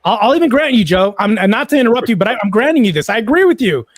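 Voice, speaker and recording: Man with a notably high voice, dry sound, argumentative debater who concedes then pushes back. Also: sing-song, rapid-fire, no room sound. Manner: argumentative, concedes points then presses his case. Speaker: panel guest. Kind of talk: live-stream panel debate.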